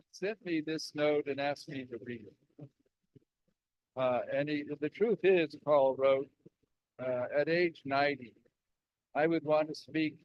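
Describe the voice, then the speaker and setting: An older man introduces a speaker at mid pitch, halting as he reads from his notes. The recording is muffled, with a faint hiss underneath. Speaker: event introducer. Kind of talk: formal introduction.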